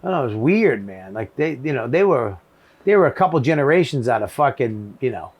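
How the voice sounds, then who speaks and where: A man's voice: medium pitch, sing-song, brisk, lo-fi sound. A male comedian in casual chat, talking emphatically and swearing freely. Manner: emphatic, profane. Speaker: comedian co-host. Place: small shed.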